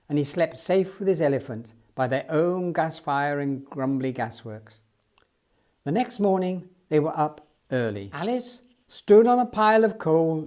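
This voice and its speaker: A man reading a children's story aloud in an expressive, storytelling way. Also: on the high side. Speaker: storybook reader.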